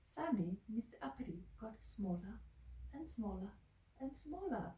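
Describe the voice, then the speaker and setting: A woman's voice: high voice, sing-song, measured pace, mellow. Woman reading a children's story, sing-song. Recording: echoey room, mic at a distance.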